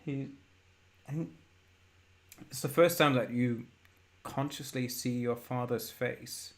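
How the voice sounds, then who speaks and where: A man narrating a horror tabletop game as game master, in a measured, descriptive way. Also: mid-range voice, fairly even intonation.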